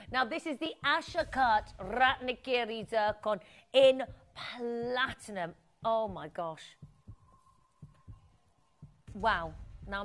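A woman presenting a live TV shopping show, gushing and exclamatory as she chats with viewers while selling jewelry. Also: mid-range voice.

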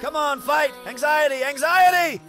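Very high, bright-voiced excitable man. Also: normal speed, faint music behind. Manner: shouty, exclamatory, talks to viewers. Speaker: video reactor. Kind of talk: excitable reaction commentary.

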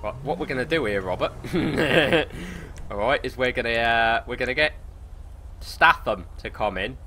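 A man with a British accent commentating on his gameplay, excitable, swearing a lot and laughing often. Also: medium pitch, normal speed, a little hiss or hum. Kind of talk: casual let's play commentary.

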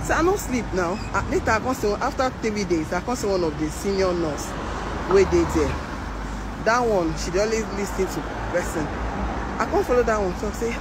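A Nigerian woman and care worker, speaking with a Nigerian Pidgin English accent, tells her own story in a casual monologue. Her voice is medium in pitch and her pace moderate, and she gets animated, imitating the voices of the people involved. Traffic noise from outdoors can be heard in the background.

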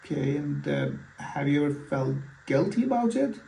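A man's voice: fairly high pitch, sing-song, moderate pace, creaky, warm tone, slight background noise. A man acting as a physician in a mock patient consultation, talking hesitantly with many fillers and restarts. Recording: echoey room, far from mic.

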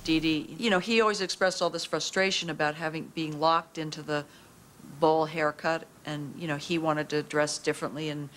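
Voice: mid-range voice, steady tone, normal speed, fairly bright tone, slight background noise. A speaker in a documentary interview, talking conversationally with many fillers. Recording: clear music underneath.

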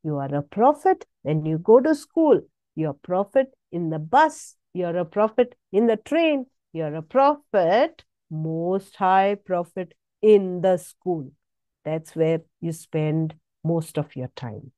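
A woman's voice: lowish voice, sing-song, slow pace, warm tone, dry recording, highs cut off. A woman preaching a sermon, exhorting with emphatic repetition and sudden rises in her voice.

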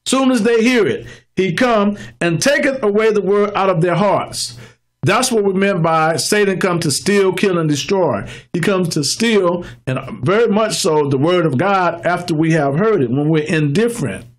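Male pastor, higher-pitched voice, teaching sermon with plain everyday examples. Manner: explains scripture in plain examples, slows down to read verses and acts out churchgoers.

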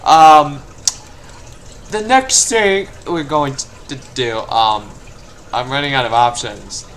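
This young gameplay video host talks at an unhurried pace in a mid-range voice, with a bit of background noise. His let's play commentary swings from frustrated mumbling to shouting.

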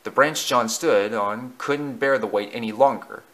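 A man narrating a children's railway story in a lively, expressive reading. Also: mid-range voice, measured pace.

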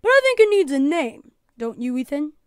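A woman's voice: sits high, very animated, normal speed, no echo, studio quality, voice pushed up. A woman reading as a kind patient dad. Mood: cheerful. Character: kind patient father, handy with tools.

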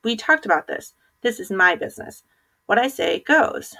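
A woman's voice: medium pitch, animated, normal speed, vocal fry, pushed and bright, heavily acted. A woman reading aloud, voicing a bossy, hot-tempered schoolboy who barks orders at his friend. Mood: snappish. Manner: snappish, barking orders. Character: bossy, hot-tempered schoolboy running a dog-walking business.

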